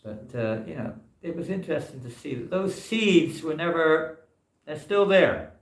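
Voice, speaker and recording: A man's voice: fairly high pitch, lively intonation, moderate pace. A man, a monk, giving an informal scripture class in a temple hall, talking in a loose, rambling way full of "you know" fillers.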